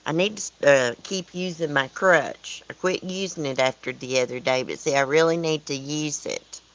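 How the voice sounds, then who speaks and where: A woman with a Southern US accent, her voice sitting deep and low, chats loosely with her livestream viewers. She rambles from topic to topic and answers their comments as she goes, talking from outdoors at home. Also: moderate pace, rough recording. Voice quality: chatty, rambling, answers chat comments aloud. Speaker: livestream host. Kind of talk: casual livestream chat with viewers.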